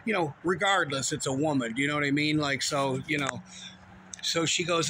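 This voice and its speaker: A man with a somewhat high voice tells a long, rambling story from his shift as a cashier. He swears freely and sounds heated. The recording carries a clear layer of background noise. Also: brisk. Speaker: store cashier. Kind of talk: casual storytelling vlog.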